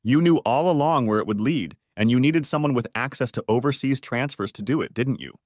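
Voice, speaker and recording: A man's voice: medium pitch, brisk, no echo, clean studio sound, lightly acted. A man voicing a betrayed husband who accuses his wife with bitter, hurt questions, in an audiobook. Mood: accusing. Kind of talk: audiobook character voice.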